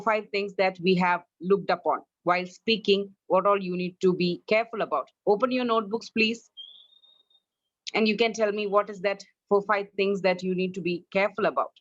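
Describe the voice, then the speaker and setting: Over a video call for an online class, a woman with an Indian English accent drills her English students and fixes their pronunciation. Her pitch is medium, and the sound is dry and dull.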